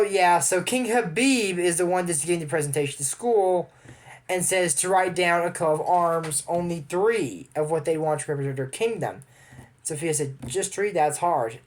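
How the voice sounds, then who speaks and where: A young man from Amarillo, Texas, chatting casually as he reviews a cartoon episode. He rambles and adds apologetic asides. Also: sits high. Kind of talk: casual commentary.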